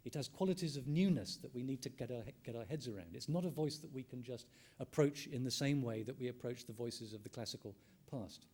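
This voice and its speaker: Man giving a measured academic lecture. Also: medium pitch, animated, darkish tone. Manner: measured, thinking aloud, restating phrases with frequent ums. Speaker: ethnomusicologist lecturer.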